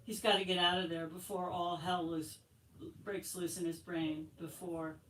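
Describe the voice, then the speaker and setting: Author reading aloud in an echoey bookstore. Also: female voice, on the low side, moderate pace, slight background noise. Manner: expressive reading, light laughs. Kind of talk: reading her novel aloud at a bookstore event. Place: bookstore, indoors. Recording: echoey room from far off, faint ambience.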